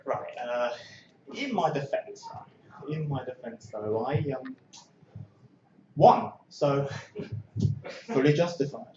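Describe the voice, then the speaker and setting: A man performing a stand-up comedy set on an open stage, talking casually and breaking into shouted bursts when he acts out scenes. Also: mid-range voice, big pitch swings, slow pace, pauses often, roomy sound, highs cut off, a little hiss or hum. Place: small comedy club stage.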